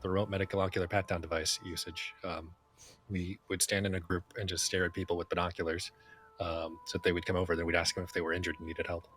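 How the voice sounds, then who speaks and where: A man chatting in character in a roleplay game, halting and hesitant with many fillers. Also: low-pitched, little pitch movement, a bit bright. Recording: faint music behind.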